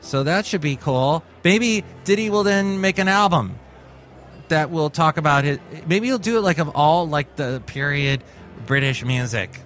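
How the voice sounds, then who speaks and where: A male podcast host rambling through a casual comedy monologue, full of jokes and silly asides. His voice sits a little high, and faint music plays underneath. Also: a little slow, fairly bright tone.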